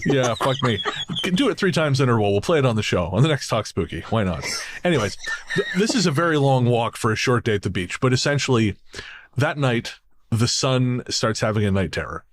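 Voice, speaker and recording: A man's voice: mid-range voice, sing-song, fairly quick, slight background noise. A man co-hosting a spooky-stories podcast, chatting casually and reading a listener's story aloud, sardonic, swearing and laughing often. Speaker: podcast co-host.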